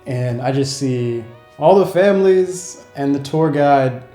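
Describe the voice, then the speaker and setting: A young man, a travel vlogger, casually telling a story to camera in a relaxed, slangy way with frequent laughs. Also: medium pitch, slow, reverberant, faint music behind. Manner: laid-back, laughing, slangy, acts out quotes.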